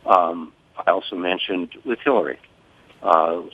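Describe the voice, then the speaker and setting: An older man and grieving father speaking on a phone-in interview, measured, formal and deliberate. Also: low voice, dry recording. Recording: tinny phone line.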